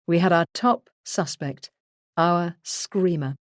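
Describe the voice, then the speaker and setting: A woman narrating a first-person true crime memoir in a measured, earnest way. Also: lowish voice, dry recording, clean studio sound. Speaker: audiobook narrator.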